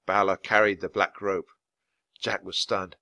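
A man reading a children's storybook aloud at a natural, steady pace for learners. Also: low-pitched, a little slow, vocal fry, no echo. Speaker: reader.

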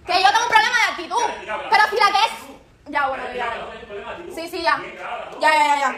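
A woman in her late teens, a native Spanish speaker, ranting angrily and profanely on a live stream at home, upset and agitated. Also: very high-pitched. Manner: angry, profane, switching between Spanish and English. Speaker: livestreamer. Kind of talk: emotional live-stream rant.

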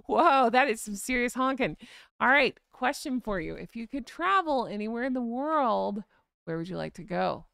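Upbeat lady doing a live chat, a bit gravelly but smooth, dry sound. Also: on the high side, expressive, moderate pace, a bit bright, no room sound. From United States. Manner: bubbly, reads chat aloud. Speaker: livestream host.

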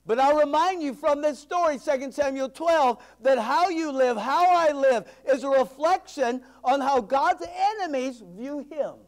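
Preacher guy with a really high voice, goes loud then drops way down quiet, church sermon. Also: measured pace, hardly any pauses. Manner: emphatic preaching, swings between loud declarations and hushed asides. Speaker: pastor.

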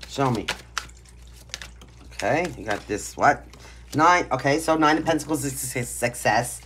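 A woman's voice: deep voice, noisy background. A woman from Brooklyn with a Brooklyn accent, giving a casual tarot reading from home in a blunt, brash, emphatic way. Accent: Brooklyn New York. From Brooklyn, New York. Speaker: tarot reader. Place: home, pets nearby.

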